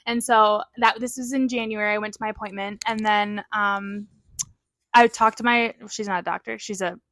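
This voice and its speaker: A woman's voice: mid-range voice, steady tone, moderate pace, fairly bright tone, no echo, rough recording. A woman co-hosting a podcast, chatting candidly with frequent laughs and swearing. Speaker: podcast co-host. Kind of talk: casual chat.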